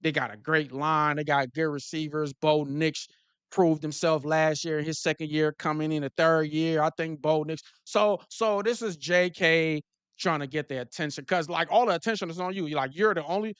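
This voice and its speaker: A man talks football straight to his viewers in loose slang, tripping over restarts as he goes. His voice sits a bit high. The sound is dry and close. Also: moderate pace, smooth, no room sound. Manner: animated, repetitive restarts and slang. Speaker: football talk show host. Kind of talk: casual sports commentary to live viewers.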